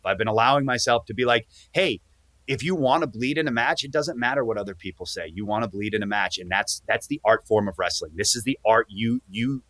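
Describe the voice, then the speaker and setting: Bright-voiced man telling earnest stories. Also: mid-range voice, dry recording. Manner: earnest, animated, speeds up when excited. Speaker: podcast guest, pro wrestler. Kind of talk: casual interview storytelling.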